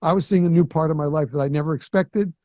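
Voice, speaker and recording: A man in his sixties hosting a podcast, telling a story in a lively way and acting out the voices of the people in it. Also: a little high, fast, no echo. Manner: animated storyteller who acts out quoted voices. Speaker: podcast host. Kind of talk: casual storytelling.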